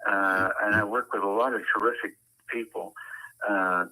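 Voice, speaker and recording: Older man, very bright careful diction. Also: fairly low pitch, steady tone, low-quality recording. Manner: careful, precise enunciation with many "uh" pauses. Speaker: ballpark public address announcer. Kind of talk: interview guest.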